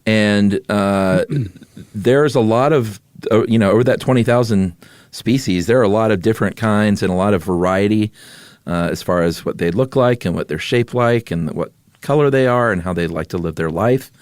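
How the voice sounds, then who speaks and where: Low-voiced man explaining on a podcast. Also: normal speed, a little mellow, no echo, clean studio sound. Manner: easygoing explainer, laughs often. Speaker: podcast co-host. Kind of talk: casual chat.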